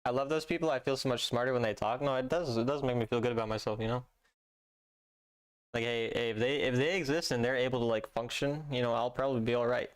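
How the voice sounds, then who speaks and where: In a laid-back gaming stream, a young man talks fast in a smooth, mid-range voice with an even tone. He reads chat to his audience and jokes dryly as he plays.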